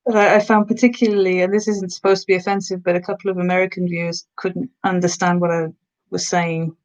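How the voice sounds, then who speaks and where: A woman's voice: lowish voice, little pitch movement, quick pace, muffled recording. A woman from the Black Country, England, chatting casually on a live stream, answering viewers' comments and slipping into giantess role-play. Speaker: ASMR streamer.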